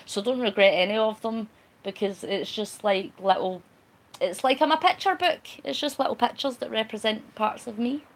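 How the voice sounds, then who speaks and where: A woman hosts a relaxed live-stream chat, answering viewer comments one by one. Her voice sits somewhat high for a woman. She is talkative and a little cheeky and laughs easily. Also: normal speed. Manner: chatty and cheeky, laughs often. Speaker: vlogger.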